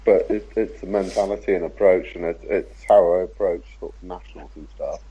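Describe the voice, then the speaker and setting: A man, a podcast guest talking casually about racing in a measured, laid-back way with frequent fillers. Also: sits low, fairly even intonation, mellow, breathy edge, highs cut off. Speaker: podcast guest, RC car racer.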